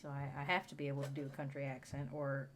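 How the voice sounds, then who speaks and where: A man's voice: medium pitch, monotone, quick pace, crowd noise. A man from Texas streaming a game, chatting in a rambling, self-mocking way and laughing often. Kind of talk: casual chat while gaming.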